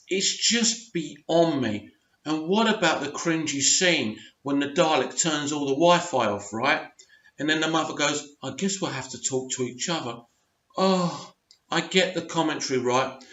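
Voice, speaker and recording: A man's voice: on the high side, a bit bright. A man giving an unscripted, frustrated rant as a TV review vlogger, full of emphatic rhetorical questions. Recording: roomy, dull lo-fi sound.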